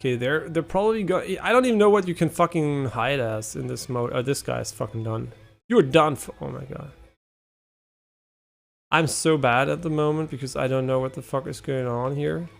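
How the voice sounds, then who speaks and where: A young man streaming live, giving casual gameplay commentary, excitable and swearing a lot as he talks to his chat. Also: medium pitch, normal speed, gravelly.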